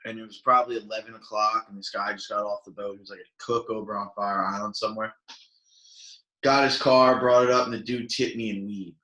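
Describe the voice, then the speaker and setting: Rambling young man with a bright voice. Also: fairly low pitch, fairly quick. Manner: rambling, filler-heavy, animated quoting. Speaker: podcast co-host. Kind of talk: casual storytelling chat. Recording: echoey room.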